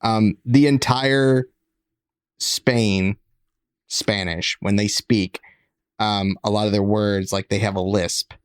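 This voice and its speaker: A man co-hosting a podcast, talking in a measured, hedging way in casual chat. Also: lowish voice, fairly even intonation, smooth, no echo, studio quality. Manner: measured, hedging, uses fancy words. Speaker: podcast co-host.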